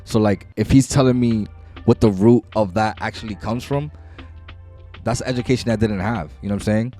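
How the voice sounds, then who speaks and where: A man's voice: fairly low pitch, moderate pace, mellow, soft background music. Joking man in casual podcast chat. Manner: loose and joking, swears often. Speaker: podcast co-host.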